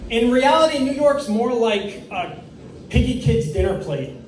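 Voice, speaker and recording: A man's voice: very high-pitched, animated, measured pace, slight background noise. A young man from New York doing a stand-up comedy set on stage, with a rehearsed, slightly stiff delivery and long setups. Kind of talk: stand-up set at an open mic. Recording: echoey room, mic far off.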